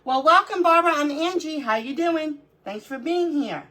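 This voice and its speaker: Hosting a crafting livestream, a middle-aged woman speaks at normal speed in a high voice that is bright and forceful. Between greeting viewers by name, she chats casually and mutters to herself as she crafts.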